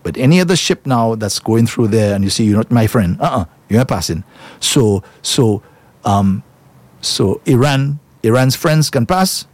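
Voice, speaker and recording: A husky-voiced man delivers solo commentary. He talks emphatically and repeats phrases for effect. His delivery is indignant and direct. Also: on the low side, a little mellow, no echo. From Saint Lucia. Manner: emphatic, repetitive, indignant, addresses listeners as folks.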